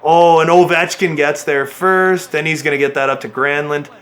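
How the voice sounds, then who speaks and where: A man giving excitable play-by-play commentary on a hockey video game he is playing, cheering and groaning at his team. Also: fairly high pitch, moderate pace. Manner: excitable play-by-play, yelling at the players. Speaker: gaming channel host.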